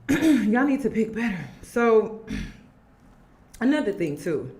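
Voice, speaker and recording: A woman vlogger chatting straight to her audience in a casual commentary. Her fairly high voice rises and falls a lot. She laughs often between remarks. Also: slow pace. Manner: animated, laughing, talks straight to viewers.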